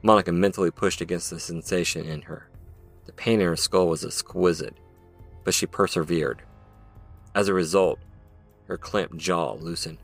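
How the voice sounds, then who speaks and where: A man's voice: low-pitched, normal speed, creaky, pauses often, faint music behind. A man narrating his own audio drama in a dramatic storytelling manner. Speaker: narrator and author.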